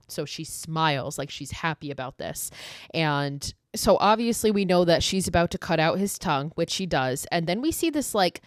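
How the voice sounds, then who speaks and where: Casting: woman podcast host, sarcastic and foul-mouthed, lowish voice, dry close sound. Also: big pitch swings, moderate pace, dry recording. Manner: profane, sarcastic, storytelling. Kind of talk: casual horror film recap.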